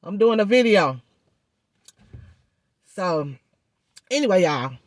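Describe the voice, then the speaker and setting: A woman's voice: on the low side, big pitch swings, slow, no echo. A woman talks straight to her viewers in a loose, chatty vlog manner, often calling them "y'all". Her words come out thick and muffled because her jaw is swollen and gauze fills her mouth. The recording is dry and close, with no room sound. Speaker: vlogger. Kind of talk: casual vlog chat.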